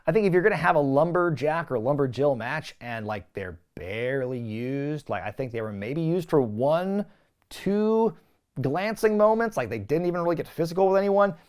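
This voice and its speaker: A man's voice: a little high, animated, moderate pace, a little mellow, clean tone. A man hosting a wrestling review show, recapping matches with sarcastic commentary and exaggerated quoted voices. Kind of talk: recap commentary with comic asides.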